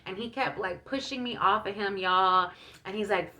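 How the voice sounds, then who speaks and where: A woman's voice: medium pitch, moderate pace, bright, forceful tone. A young woman vlogger telling a personal story in a casual, chatty way, full of fillers and feeling. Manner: chatty, many fillers, emotional retelling.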